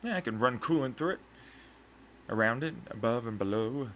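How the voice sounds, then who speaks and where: An American man from Arizona rambles through a casual monologue, leaning on fillers and jumping from one idea to the next. His pitch sits mid-range, and faint noise runs under the recording. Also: lively intonation, normal speed, fairly bright tone. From Arizona, United States. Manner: rambling, full of fillers, jumps between ideas. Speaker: vlogger.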